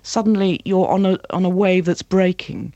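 A woman acting and voice coach, talking passionately as an interview guest and slipping into slow, dramatic readings of verse. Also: lowish voice, warm tone, no echo, highs cut off.

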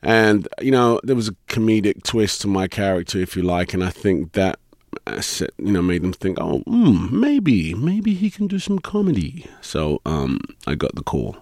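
A British man, an actor guest, chatting casually in an interview, chuckling often and filling pauses with um and you know. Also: deep voice, gravelly, dry recording, studio quality. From Britain. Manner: relaxed, chuckling, many ums and you-knows.

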